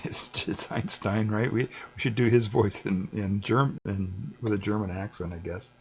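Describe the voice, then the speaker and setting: A middle-aged man hosting a livestream, chatting in a laid-back, digressive way with frequent chuckles. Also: on the low side. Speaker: livestream host. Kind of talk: casual rambling livestream chat.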